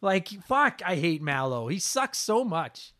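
A young man co-hosting a podcast, ranting in an animated, profane, casual way. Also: high voice, unhurried, no echo. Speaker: podcast co-host. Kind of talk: casual chat.

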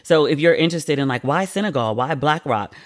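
A man hosting a podcast in a casual chat. He talks in an expressive, rambling way, swears freely and laughs at himself. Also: fairly high pitch, brisk. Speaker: podcast host.

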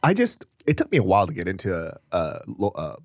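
Brief: young male podcast host, crude deadpan humor, expressive pitch, dry mic. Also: a little fast, dry recording. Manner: joking, crude, deadpan asides with sudden high laughs. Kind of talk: casual podcast banter.

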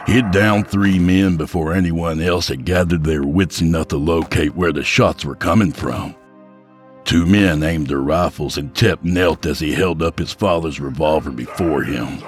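A man narrating a dark story in a measured, grave voice. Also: extremely low pitch, faint music behind. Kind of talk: dramatic audiobook narration. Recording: gunfire sound effects behind.

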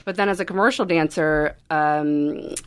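A woman guest telling stories in a casual interview chat, animated and full of likes and restarts. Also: sits low, moderate pace, smooth. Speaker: guest dancer.

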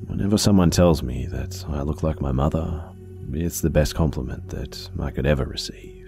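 A man's voice: very deep voice, normal speed, creaky, music in the background. A man voicing a young woman police officer in a first-person story, speaking earnestly with some hesitation.

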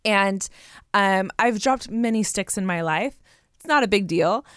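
A woman's voice: mid-range voice, animated, a little slow, fairly bright tone, clear, resonant tone, dry recording, studio quality. A woman telling a story in casual chat to viewers, laughing often and restarting her sentences. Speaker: co-host.

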